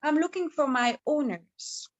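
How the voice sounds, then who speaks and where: A woman's voice: high voice, measured pace, voice pushed up. A woman voicing a pampered, well-mannered young female dog who speaks in a prim, fretful way. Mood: pleading.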